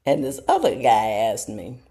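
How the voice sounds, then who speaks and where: A middle-aged woman, telling casual stories to her viewers in a chatty, self-mocking way and jumping into high voices when she quotes people. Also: big pitch swings, unhurried, warm tone. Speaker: show host talking to viewers. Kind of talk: casual storytelling monologue.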